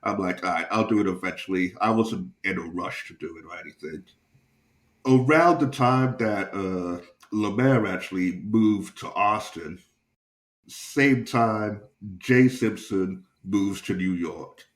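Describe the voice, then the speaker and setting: A young man with a slightly low voice tells a crude, chuckling anecdote on his podcast. He is a stand-up comic in casual storytelling mode, swearing freely and laughing along with his own tale. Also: unhurried, echoey room. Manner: profane, chuckling, animated anecdote-telling. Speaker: stand-up comedian and podcast host.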